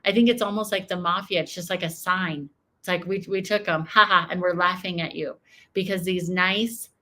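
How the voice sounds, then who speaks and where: A woman's voice: fairly low pitch, fairly bright tone. An American woman giving emotional, emphatic political reaction commentary, often repeating her points. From United States. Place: home.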